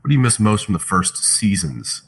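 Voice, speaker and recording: Low-voiced guy on a zoom fan panel, thoughtful, reading fan questions out. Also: very animated, moderate pace, creaky, noisy background. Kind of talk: casual panel chat. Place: home, on a video call.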